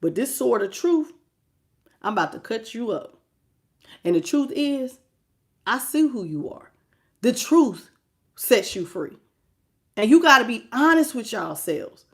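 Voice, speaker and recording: A woman giving a live-streamed tarot reading and greeting her viewers, emphatic and preachy, swinging between low murmurs and loud outbursts. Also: big pitch swings, measured pace, long pauses. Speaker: tarot reader.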